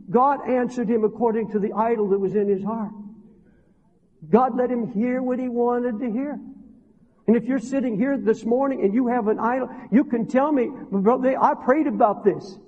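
A man preaching as a pastor to a congregation in an impassioned sermon, with a husky voice that rises to loud pleading. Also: extremely high pitch. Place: church hall. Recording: dull reverberant hall recording.

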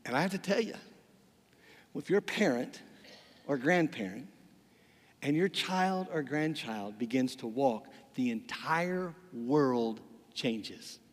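An older man preaching a sermon as pastor, emphatic, repeating words and swinging from loud passages to quiet ones. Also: mid-range voice, animated, slow. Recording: long reverb of a large hall.

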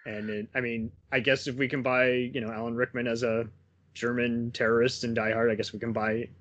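Young guy on a movie podcast, rambly, keeps laughing, mid-pitch voice. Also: flat delivery, brisk, fairly bright tone, dull audio. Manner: rambling, laughs often between points. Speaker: podcast co-host. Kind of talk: casual film chat.

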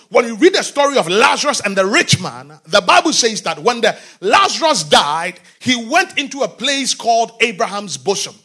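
High, animated male preacher. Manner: often asks the congregation questions; swings between shouting and quiet talk. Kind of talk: sermon.

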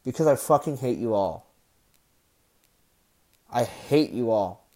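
A man hosting his own podcast, venting in an irritated, deliberately lowered voice with sighs, profanity and halting restarts. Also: lively intonation, darkish tone. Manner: low, deliberately slow annoyed voice with sighs and profanity; halting restarts between outbursts. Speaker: podcast host. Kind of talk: annoyed solo podcast rant.

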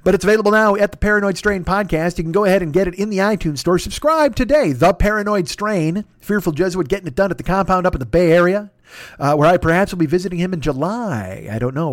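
A man hosting a podcast, plugging a sponsor in a crude, profane, self-mocking ramble that swings between loud bursts and muttered asides. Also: a little high, no echo. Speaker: podcast host.

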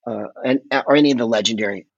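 A man telling long, rambling, animated stories in casual chat as a podcast guest, often swearing along the way. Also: mid-range voice, rapid-fire, creaky, slightly rough, no room sound, dull audio. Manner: rambling, animated, profane storyteller.

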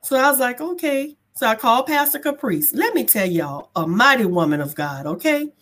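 A woman guest telling a personal story in a casual chat, colloquial and animated, acting out the dialogue and laughing as she goes. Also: fairly high pitch, moderate pace. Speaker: guest sharing a testimony.

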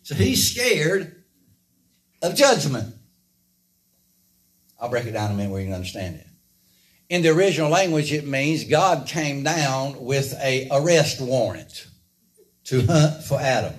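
A man's voice: medium pitch, big pitch swings, unhurried, long pauses. A man preaching a sermon in a folksy way, quizzing his congregation with rhetorical questions. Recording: echoey room from a distant mic.

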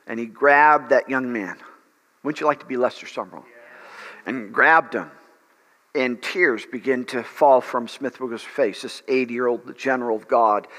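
A man's voice: medium pitch, fairly bright tone. A man preaching as a pastor, fervent, with frequent fillers and restarts. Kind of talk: sermon and prayer. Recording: long reverb of a large hall.

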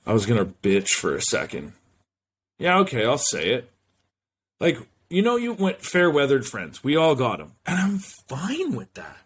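Dude rambling solo on his podcast, cussing, totally casual, average pitch. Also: huge pitch swings, moderate pace, a bit bright. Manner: loose, rambling, swears freely. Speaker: podcast host.

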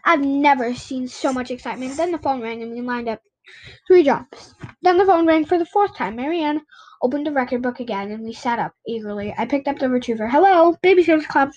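A woman with a high voice reads a children's novel aloud in a relaxed, unpolished way. She stumbles and restarts here and there, like someone reading for friends. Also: a little fast, low-quality recording. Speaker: audiobook reader and podcast host.

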